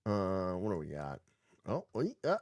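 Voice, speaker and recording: A man's voice: low voice, huge pitch swings, a little slow, darkish tone. A man hosting a loose podcast, reading stories aloud and breaking off to mock them. His voice rises and falls a lot as he riffs, sarcastic and often swearing. The sound is dry and close, with no room echo. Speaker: podcast host. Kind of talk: casual live-stream commentary reading news aloud.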